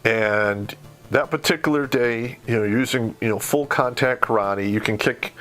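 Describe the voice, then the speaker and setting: A man's voice: mid-range voice, moderate pace, a bit bright, soft background music. A middle-aged man from Michigan telling a war story in casual, blunt, profanity-heavy podcast talk. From Michigan, USA. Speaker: podcast host.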